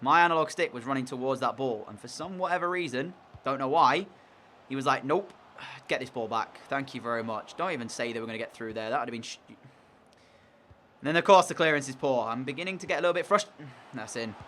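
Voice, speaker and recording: A man's voice: mid-range voice, lively intonation, fast talker, sharp tone, slight background noise. A young man commentating on his own video game match in an exasperated, sarcastic way. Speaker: gaming commentator.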